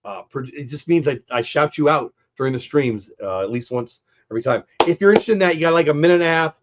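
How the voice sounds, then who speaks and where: A middle-aged streamer with a stuffy, congested voice chats upbeat and directly with viewers after a game in a casual live stream. He speaks animatedly at a quick pace in a slightly high voice, with lo-fi sound.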